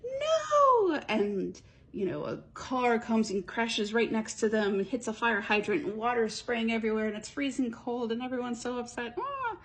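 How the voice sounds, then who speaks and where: A woman's voice: on the high side, flat delivery, a little fast, hardly any pauses. A woman casually telling a story in a rambling, chatty way, stringing events together with run-on phrases. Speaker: storyteller pitching a movie idea.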